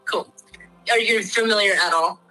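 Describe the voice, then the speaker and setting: A woman's voice: medium pitch, moderate pace, sharp tone, faint music behind, low-quality recording. A woman with a Midwestern American accent, a guest in an interview, explaining things in a chatty, frank way with lots of fillers.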